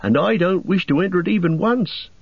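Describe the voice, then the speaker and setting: A man's voice: sits high, a little fast, husky, dry recording, pitched above the performer's own voice. Pippin, a man doing a timid young hobbit. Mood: fretful. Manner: plaintive, anxious. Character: small young male hobbit, fretful and timid. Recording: dull dry audiobook recording.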